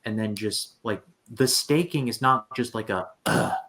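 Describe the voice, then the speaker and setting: A man's voice: lowish voice, normal speed, bright, forceful tone, low-quality recording. A man hosting a casual movie chat, talking loosely with lots of filler words. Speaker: host of a movie review channel.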